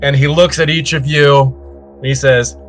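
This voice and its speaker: A man running a tabletop role-playing game as game master, narrating scenes in a measured, descriptive way. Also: fairly high pitch, flat delivery, a bit bright, soft background music.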